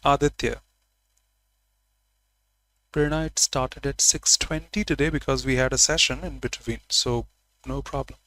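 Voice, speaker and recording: A man's voice: medium pitch, fairly even intonation, a little slow, pauses often, bright, forceful tone, dry recording, rough recording. A man teaching grammar in a live online class, repeating example phrases and answering viewers by name.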